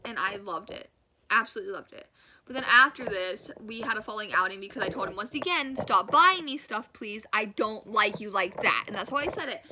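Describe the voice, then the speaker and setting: A young woman tells a personal story in a casual vlog, acting out what people said. Her voice sits a little high, and she laughs now and then. Steady background noise runs under the recording. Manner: animated, acts out quotes, laughs often. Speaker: storyteller vlogger.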